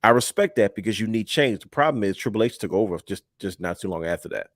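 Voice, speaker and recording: A young man co-hosting a casual wrestling podcast, animated and emphatic, often repeating words as he drives a point home. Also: on the low side, fast talker, dry recording, studio quality. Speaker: podcast co-host.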